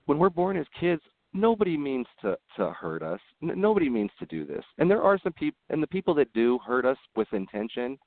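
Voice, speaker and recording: A man who is a podcast guest, talking earnestly in casual conversation and telling animated stories with frequent restarts. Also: on the high side, fairly quick, hardly any pauses, dry recording. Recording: tinny phone-like line.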